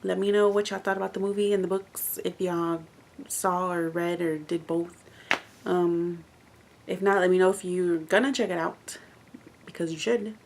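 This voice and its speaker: A woman with a lowish, gravelly voice talks straight to her camera in a casual book review vlog. She rambles in a chatty way and fills her sentences with "like". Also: fairly even intonation, normal speed, a little mellow, slight background noise. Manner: chatty, rambling, heavy use of "like".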